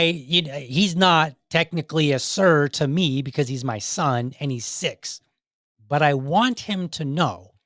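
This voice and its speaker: An earnest man in casual conversation, rambling through his points with frequent restarts and asides. His voice sits at a middle pitch, and the sound is close and dry with no room around it. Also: fairly bright tone, no echo. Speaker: podcast host. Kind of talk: casual commentary on videos.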